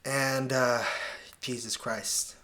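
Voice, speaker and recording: A man's voice: mid-range voice, flat delivery, extremely slow, bright, forceful tone. A man commentating over match footage in a casual video breakdown, critiquing players with exasperated asides and slang. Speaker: soccer analyst.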